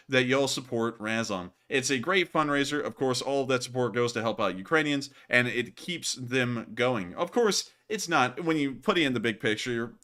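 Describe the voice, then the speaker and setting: A man hosting a livestream, chatting casually and telling stories in an animated way. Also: mid-range voice. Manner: animated storyteller, says y'all. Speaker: host of a war news livestream.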